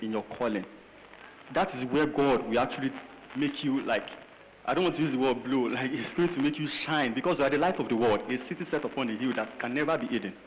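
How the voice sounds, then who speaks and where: A man speaks fast and earnestly on a panel, preaching-style and quoting scripture. His voice carries long reverb in a large hall with faint ambience behind. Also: medium pitch, a little hiss or hum.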